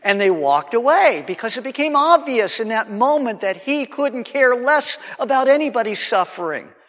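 A man, preaching as he tells a story in an animated, conversational way with frequent restarts. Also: very high-pitched, normal speed. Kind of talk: sermon storytelling. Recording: long hall reverb.

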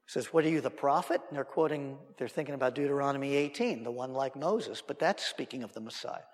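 A man's voice: mid-range voice, quick pace. A male preacher teaching verse by verse through a Bible passage, acting out the dialogue and adding humorous asides. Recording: long reverb in a hall.

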